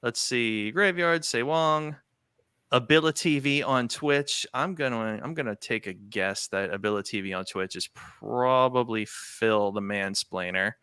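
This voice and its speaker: A man hosting a casual livestream chat, rambling through shout-outs and channel plugs with loose fillers. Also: mid-range voice, a little slow, clear, resonant tone, no room sound, studio quality. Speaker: host.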